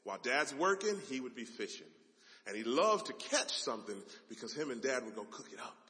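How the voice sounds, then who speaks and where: A man preaching a sermon as a dramatic story, swinging from loud passages to hushed ones. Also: medium pitch, sing-song, a little fast. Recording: long hall reverb.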